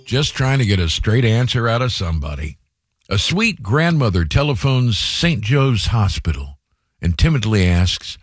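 A man telling a comic story on the radio, jumping his voice up high for the quoted characters. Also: big pitch swings, normal speed, slightly rough, no echo, studio quality. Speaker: radio presenter telling a joke.

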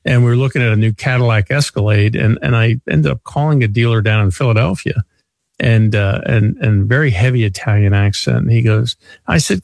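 A man's voice: mid-range voice, brisk, gravelly, a little mellow, no room sound. A man in his sixties hosting a radio talk show, a chatty, self-deprecating storyteller. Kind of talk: casual radio chat.

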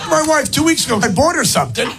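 A man doing stand-up comedy in a club, shouting punchlines loudly and working the crowd. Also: very high voice, big pitch swings, fast talker, creaky, heavy background noise. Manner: loud, shouting, crowd work. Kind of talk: stand-up set. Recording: live club recording with crowd and music. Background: audience laughter.

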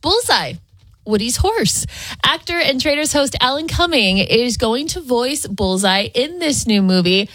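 A woman reading entertainment headlines on a radio show in a chatty way, quick to laugh. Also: fairly high pitch, animated, a bit bright, no room sound.

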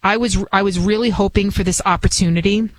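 Woman talk radio host, Bronx accent, chatty and emphatic, talks in restarts, mid-pitched voice. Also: steady tone, a little fast, rough recording. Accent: New York (Bronx). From Bronx, New York. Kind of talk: casual talk radio monologue.

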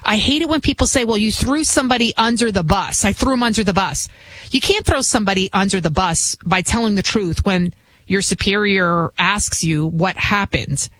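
A woman's voice: medium pitch, moderate pace, fairly bright tone. A woman from the Bronx with a New York accent, hosting a talk radio show in a chatty, rambling, emphatic monologue. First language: not English. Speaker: guest radio host.

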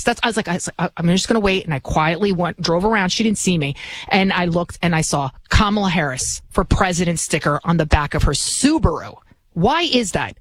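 A woman's voice: mid-range voice, no echo. A woman in her forties, a talk radio host, delivering an indignant, ranting monologue into a studio microphone. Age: 40s.

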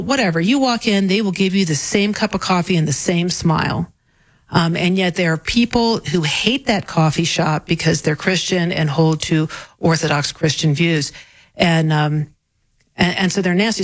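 A woman's voice: lowish voice, poor audio. A middle-aged woman with a Southwest English accent, hosting a talk show in a chatty, rambling way full of restarts. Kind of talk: casual talk show chat.

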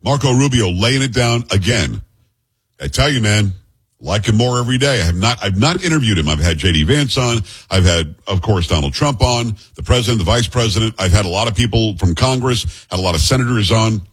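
A man's voice: lowish voice, expressive, fairly quick, slightly rough, low-quality recording. A male talk radio host in a chatty, opinionated monologue, putting direct questions to his listeners.

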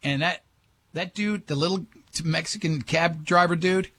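A man in his fifties hosting a podcast, telling a rambling, excitable anecdote and acting out the quotes. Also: on the high side, moderate pace. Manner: excitable, rambling storyteller who acts out quotes. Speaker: podcast host. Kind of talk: casual chat, telling an anecdote.

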